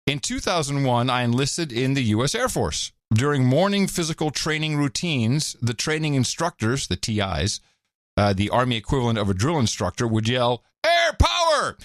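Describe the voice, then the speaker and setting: Podcast host guy, chatty, pitch all over the place, dry mic. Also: moderate pace, no room sound. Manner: animated, reads listener notes aloud. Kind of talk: casual chat.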